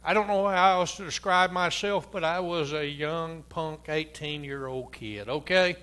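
A man's voice: fairly high pitch, unhurried, pushed and bright, clean tone. A man in his sixties, a pastor preaching a sermon in a church and telling personal stories in a folksy, chuckling way. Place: church sanctuary.

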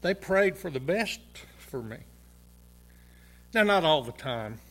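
Bright-voiced older man preaching, folksy. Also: on the high side, big pitch swings, slow. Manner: folksy, personal storytelling with chuckles. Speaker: pastor. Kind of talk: sermon. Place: church sanctuary.

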